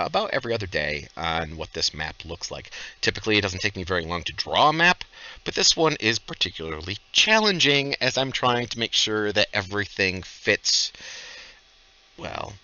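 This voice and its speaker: Deep-voiced man explaining game rules. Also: expressive, moderate pace, sharp tone, dull audio. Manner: explains rules at length with many fillers. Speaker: podcast host and game master. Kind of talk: casual podcast Q&A.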